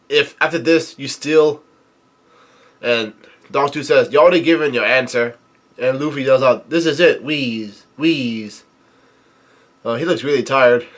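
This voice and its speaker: A man reading a comic chapter aloud and commenting as he goes, hesitant with many fillers and easily excited. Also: medium pitch. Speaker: manga reviewer. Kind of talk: casual read-through commentary.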